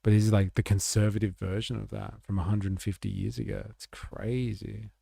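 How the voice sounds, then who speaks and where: Low gravelly guy doing casual livestream politics chat, sarcastic and rambly. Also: little pitch movement, moderate pace, warm tone, no echo. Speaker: livestream host.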